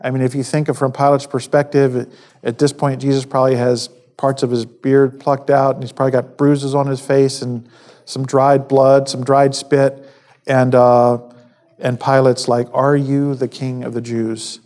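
A man giving a conversational sermon, halting with fillers and restarts, acting out quoted lines. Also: medium pitch, flat delivery, darkish tone. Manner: acts out quoted speech. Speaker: preacher.

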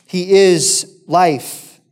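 A pastor giving a sermon, preaching emphatically and asking his listeners rhetorical questions, now loud, now quiet. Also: high-pitched, drawn-out words, smooth.

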